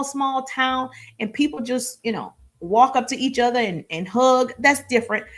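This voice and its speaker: A middle-aged woman, a sales and marketing business coach, giving an energetic live-streamed coaching talk that often acts out little dialogues. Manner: energetic, repetitive, acts out little dialogues with high-pitched voices.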